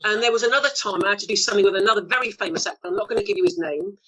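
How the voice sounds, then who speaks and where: A woman's voice: mid-range voice, animated, racing, fairly bright tone, rough recording. A woman in her fifties, an actress guest, telling bawdy anecdotes in a chatty, laughing way during a casual interview.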